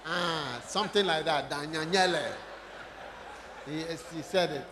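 A man's voice: a little high, measured pace, noisy background. A man preaching a sermon, talking conversationally and putting questions directly to the congregation in a church hall.

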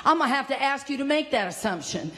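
A woman preaching a fiery sermon, shouting at peaks and dropping low between them. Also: very animated, fast talker. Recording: long hall reverb.

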